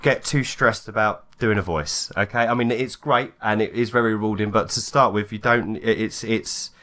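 A man's voice: on the low side, moderate pace, sharp tone. A man co-hosting a podcast in a casual, agreeable, chatty way. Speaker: podcast co-host. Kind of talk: casual chat.

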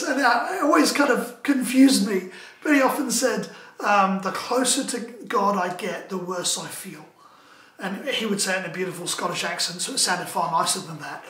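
A male pastor delivers an emphatic sermon with a high, bright voice. He repeats his phrases in a steady call-and-response rhythm. The sound rings in an echoey church room.

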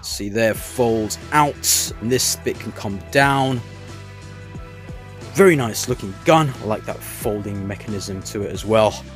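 A man casually reviewing an action figure, talking in a relaxed, rambling way with hesitant fillers. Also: fairly low pitch, unhurried, faint music behind. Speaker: toy reviewer.

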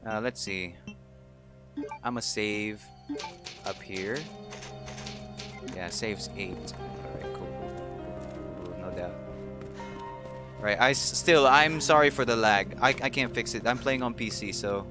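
A man giving casual, excitable, jokey commentary while playing a video game. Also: on the low side, slow, long pauses, music in the background. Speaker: let's play gamer.

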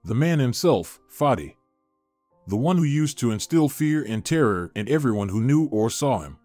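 Male narrator for drama story, lively pitch, dry close recording, faint music under. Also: normal speed, dry recording.

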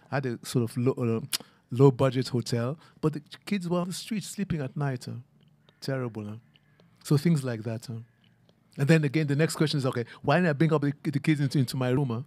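A man's voice: mid-range voice, a little mellow, dry recording. A man speaking as a photographer in an artist talk, musing aloud and often ending his phrases with a questioning "huh?". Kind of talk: reflective conversational talk. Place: garden event.

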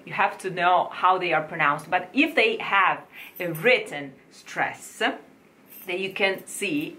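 A woman leads a diction lesson for singers. She speaks at a slow, deliberate pace and drills each word several times so the listener can copy it. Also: fairly low pitch, sharp tone.

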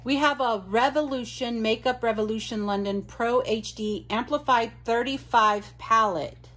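A woman's voice: fairly high pitch, moderate pace, a bit bright. A woman vlogger chatting casually as she unboxes mail, gushing and exclaiming often. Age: adult.

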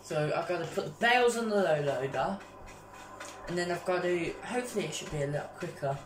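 A woman giving casual gameplay commentary as a vlogger, excitable and constantly calling out to her viewers. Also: fairly low pitch, fairly quick, roomy sound, a little hiss or hum, low-quality recording. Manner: excitable, keeps addressing viewers as guys. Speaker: gaming vlogger.

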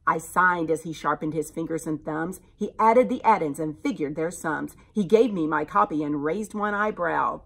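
A woman teacher reading a rhyming picture book aloud to children in an animated, expressive way. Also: low voice, normal speed, vocal fry, few pauses, husky.

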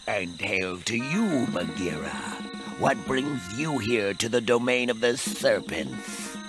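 A man voicing a stately python with a formal, measured manner. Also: on the low side, animated. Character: stately, dry-humored python. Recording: cartoon clip over music.

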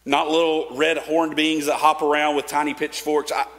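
A man's voice: fairly high pitch, little pitch movement, moderate pace, a bit bright. A man preaching a sermon in a casual, conversational way, with fillers and restarts. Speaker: pastor. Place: church sanctuary. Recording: long church reverb.

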